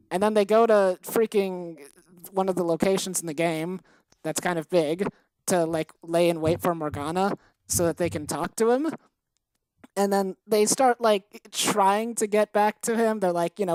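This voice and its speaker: A woman's voice: fairly low pitch, normal speed, darkish tone, no echo, poor audio. A woman co-hosting a podcast, ranting heatedly with lots of swearing and exasperation. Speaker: podcast co-host. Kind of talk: casual chat.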